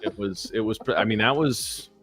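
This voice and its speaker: A man's voice: on the low side, moderate pace, fairly bright tone, slightly rough, soft background music. A man co-hosting a live trading stream, rambling and joking with plenty of swearing. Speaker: trader co-host. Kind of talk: casual live-stream banter.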